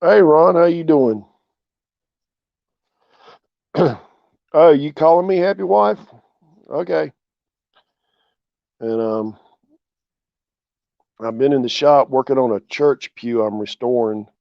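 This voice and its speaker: A man's voice: fairly high pitch, takes it slowly, gravelly, pauses often, no room sound. Laid-back man chatting on a porch. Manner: laid-back, chatty, greets viewers by name. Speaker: channel host. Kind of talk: casual livestream chat. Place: outdoors on a porch. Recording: dull, dry lo-fi sound.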